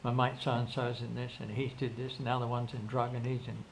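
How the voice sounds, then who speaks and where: Gravelly older man telling stories. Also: mid-range voice, level tone, a little fast. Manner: rambling, with frequent restarts and quoted dialogue. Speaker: interview guest. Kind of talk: casual storytelling in an interview. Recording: faint background noise.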